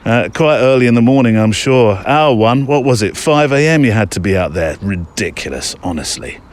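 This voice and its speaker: A man's voice: mid-range voice, animated, moderate pace. A British man hosting a podcast, reading listener mail aloud in a casual, chatty way with joking asides. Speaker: podcast host.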